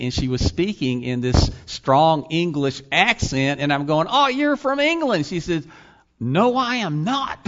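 A man's voice: mid-range voice, fairly bright tone. A man preaching a sermon, asking the congregation rhetorical questions and building to emphatic points. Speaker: pastor and college teacher. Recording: slightly dull lo-fi sound.

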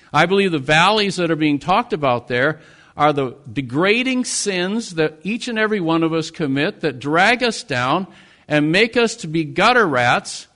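A man from the United States delivering a sermon in a somewhat high voice. His preaching is earnest, swelling on key words and falling back to quieter, weightier phrases. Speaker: pastor.

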